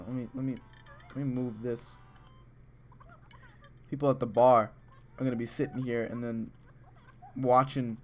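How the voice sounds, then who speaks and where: A man giving casual, excitable, rambling commentary over a video game, full of chatty asides. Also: medium pitch. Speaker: let's play host.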